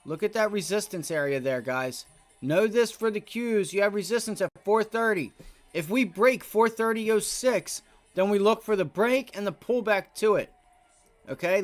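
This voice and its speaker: A man hosting a live day trading stream, giving casual, coaching market commentary and swearing freely. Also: high-pitched. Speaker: day trading livestream host. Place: home trading office.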